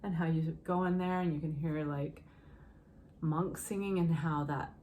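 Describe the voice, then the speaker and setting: A woman's voice: deep voice, steady tone, measured pace, darkish tone, a little hiss or hum. A woman teaching singing in a casual, encouraging way, often breaking into short sung hymn phrases. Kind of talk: casual vocal lesson with sung demonstrations.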